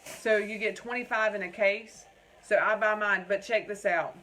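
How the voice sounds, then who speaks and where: A crafting livestream host from North Carolina, with a Southern accent, chats and rambles from home, reading out viewers' comments and calling everyone "y'all." Her medium-pitched voice is bright and forceful, with fairly even intonation at a moderate pace, in a low-quality recording with slight background noise.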